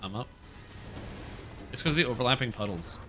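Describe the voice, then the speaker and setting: Rambling, excitable man streaming a game. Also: mid-range voice, a little fast, over music. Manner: rambling, excitable, swears, talks with teammates. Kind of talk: casual live-stream gaming chat.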